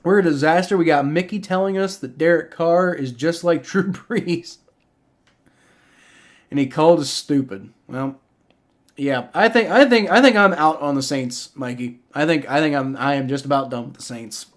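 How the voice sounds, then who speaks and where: A man's voice: on the high side, normal speed. A man live-streaming a game reaction, ranting in exasperation with heavy profanity and frequent stammering restarts.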